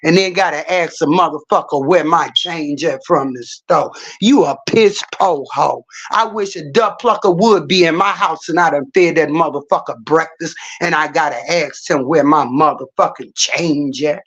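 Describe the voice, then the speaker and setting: A woman's voice: low-pitched, normal speed, few pauses, slightly rough, muffled recording. A middle-aged woman livestreaming, telling stories in a blunt, profane, casual rant.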